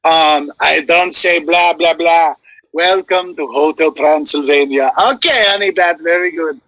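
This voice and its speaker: A man doing a drawn-out cartoon vampire count. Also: a little high, a bit bright, no room sound, rough recording. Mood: theatrical. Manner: drawn-out, mock-dramatic. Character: theatrical vampire count, fussy father.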